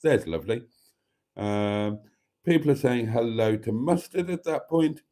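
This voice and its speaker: A man's voice: medium pitch, lively intonation, measured pace, dark tone. A man hosting a live stream, chatting casually and rambling as he reads viewer comments aloud, with mild swearing. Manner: rambling, chatty, self-deprecating, swears mildly.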